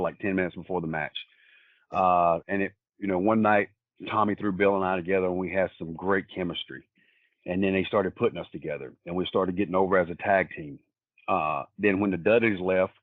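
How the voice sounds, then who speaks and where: Deep-voiced man telling stories over a phone-like line. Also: dry recording. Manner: rambling, plain-spoken storyteller. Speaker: wrestler guest. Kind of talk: casual anecdotal storytelling. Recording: tinny phone-like line, dry.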